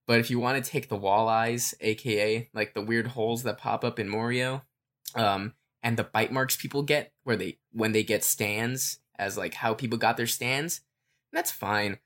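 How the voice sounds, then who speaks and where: Man, mid-pitched, podcast co-host, relaxed rambling chat, loose fan-theory talk full of fillers. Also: normal speed.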